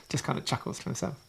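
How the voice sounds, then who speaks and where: Narrating as game master for a tabletop session, a man with a New Zealand accent rambles, pausing and restarting many times.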